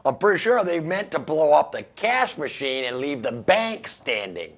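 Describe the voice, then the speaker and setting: Wry joking male radio host, lively pitch. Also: normal speed. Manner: wry, laughs at his own jokes. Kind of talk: casual comedic news commentary.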